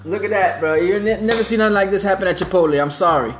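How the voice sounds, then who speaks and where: With faint music behind him, a man with a high voice talks at a quick pace. He's hosting a casual podcast chat while eating, mouth full, keeping it laid-back and slangy with plenty of fillers.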